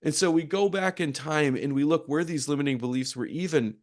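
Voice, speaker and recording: A man coaching on performance psychology, speaking to a conference audience in an animated storytelling manner. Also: on the high side, fairly quick. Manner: animated storytelling with acted-out quotes. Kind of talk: conference session talk.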